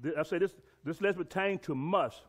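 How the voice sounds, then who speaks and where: A man's voice: fairly high pitch, a little fast. A man teaching a Bible lesson and reading scripture aloud, emphatic and repeating key words for stress.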